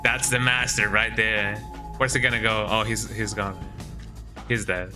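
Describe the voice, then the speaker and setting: A male streamer chats loosely and jokingly with his viewers, often tagging lines with "eh?". His voice sits on the low side. Game music runs loudly behind him. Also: level tone, unhurried. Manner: joking, rambling, says "eh?" a lot. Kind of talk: casual livestream chat.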